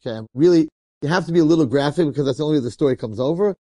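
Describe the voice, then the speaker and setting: Mellow-voiced rabbi telling a story. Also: male voice, a little high, very fast, no echo. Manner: animated, colloquial, acts out the characters. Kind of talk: storytelling sermon.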